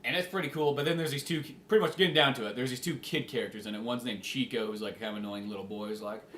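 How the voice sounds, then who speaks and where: A man's voice: mid-range voice, racing, a bit bright, reverberant, a little hiss or hum. A man co-hosting a podcast in casual chat, rambling and swearing with lots of fillers. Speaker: podcast co-host.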